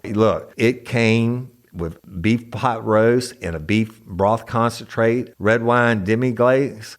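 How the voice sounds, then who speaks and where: A man doing a folksy, enthusiastic ad read on a podcast. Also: lowish voice. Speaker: host reading an ad. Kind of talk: casual ad read.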